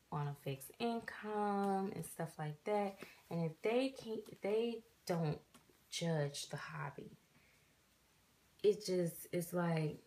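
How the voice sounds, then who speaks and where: A woman's voice: on the low side, a little mellow, slight background noise. A young woman casually telling a rambling family story while chatting about her dolls. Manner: rambling storytelling with quoted dialogue. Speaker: doll collector vlogger. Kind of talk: casual chat.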